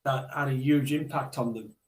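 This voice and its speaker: A man's voice: mid-range voice, steady tone. Reflective man telling stories, echoey room. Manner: halting, reflective, with many restarts. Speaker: guest. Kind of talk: storytelling in a podcast interview.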